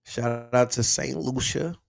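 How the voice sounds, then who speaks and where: A man hosting a casual livestream, talking in slang and shouting out the cities his viewers are watching from. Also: mid-range voice, fairly even intonation, measured pace, gravelly, no echo, studio quality. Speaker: livestream host.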